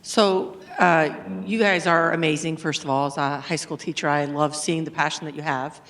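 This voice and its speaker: A man who teaches high school, asking a student panel a question in an encouraging way, searching for his phrasing. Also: fairly even intonation, normal speed, fairly bright tone. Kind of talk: audience question.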